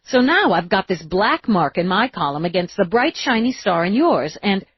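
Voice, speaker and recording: A woman's voice: mid-range voice, very animated, normal speed, husky, no echo. A woman narrator voicing a blunt, tough woman police lieutenant who talks curtly but turns tender, in a dull, dry recording. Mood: earnest.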